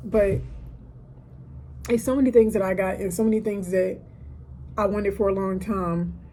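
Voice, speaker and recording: A woman's voice: mid-range voice, mellow, slight background noise. A woman in her thirties talking casually and emotionally about gratitude from a hotel room, with asides like "listen" and "okay". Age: 30s. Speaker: podcaster. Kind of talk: casual heartfelt monologue.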